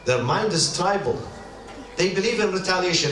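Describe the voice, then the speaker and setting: A middle-aged man delivers an emphatic sermon, repeating his points and acting out quoted speech. His fairly high voice rises and falls in a lively way. He is heard from a distance in an echoey hall, with faint hiss behind him. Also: moderate pace. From Middle East. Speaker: preacher. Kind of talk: sermon on marriage.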